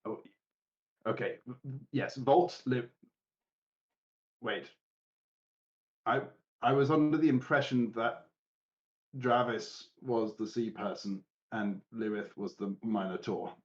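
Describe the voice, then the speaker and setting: A flustered head servant in a live tabletop game, all stammered apologies and wounded pride. The voice sits low and a little muffled, as a man puts him on, over slightly dull stream audio. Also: slow, pauses often. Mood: puzzled. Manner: anxious over-apologetic stammer turning indignant. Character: fussy male head servant, flustered and proud.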